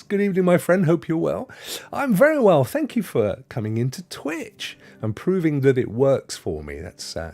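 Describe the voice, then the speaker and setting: A man hosting a live stream, chatting loosely and welcoming viewers one by one. His pitch rises and dips a lot as he talks. Faint holiday music plays underneath. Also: vocal fry, a little mellow. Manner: chatty, greets viewers by name, rambling asides. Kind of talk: casual live-stream chat. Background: faint Christmas music.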